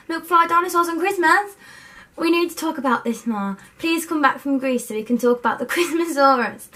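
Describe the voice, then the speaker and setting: A woman's voice: high voice, brisk, pushed and bright. Bubbly young woman. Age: young adult. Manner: bubbly and overexcited. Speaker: book vlogger. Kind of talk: casual chat to camera. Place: student bedroom at her university home. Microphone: camera set up by herself.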